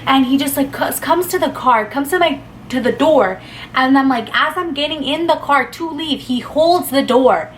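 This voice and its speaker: Young woman, casual storytime, rambling, swears, fairly high voice, faint background noise. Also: lively intonation, normal speed. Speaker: vlogger.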